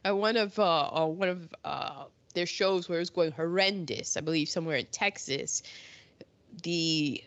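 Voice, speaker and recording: A woman's voice: lowish voice, moderate pace, dry recording. Woman co-host, casual and chatty, wanders into asides, dry dull mic. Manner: chatty, laughs often, trails into asides. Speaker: podcast co-host. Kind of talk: casual chat about old films.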